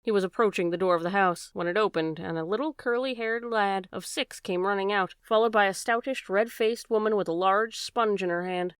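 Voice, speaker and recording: A woman narrating a classic detective story as an audiobook reader, steady and even. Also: medium pitch, a little fast, hardly any pauses, smooth, no echo, studio quality. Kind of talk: scripted narration.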